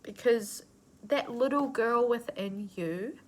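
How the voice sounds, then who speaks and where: A woman's voice: on the high side, slow pace, a little mellow. A woman giving a channeled spiritual reading, earnest and nurturing, with casual swearing mixed into her affirmations. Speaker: intuitive reader.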